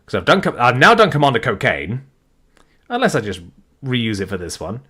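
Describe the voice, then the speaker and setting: A man reading live for his stream, breaking off to chat with viewers and talk himself through choices. He mutters, mocks himself, and lets his pitch wander widely. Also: huge pitch swings, brisk, bright, forceful tone, slightly rough. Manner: muttering, thinking aloud, self-deprecating.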